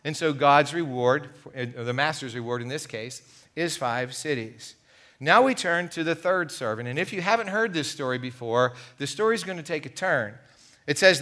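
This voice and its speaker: A middle-aged man preaching a sermon as pastor, telling a parable with animated delivery and acting out the characters' lines. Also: fairly high pitch, normal speed. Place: church sanctuary.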